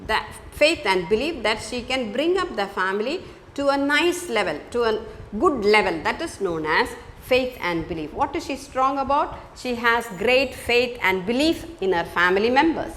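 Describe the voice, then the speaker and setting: Woman, teacher, high voice, animated pitch, repeats and stresses points. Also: normal speed, slight background noise. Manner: repetitive, emphatic explaining. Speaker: English teacher. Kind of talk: classroom lesson explaining a poem.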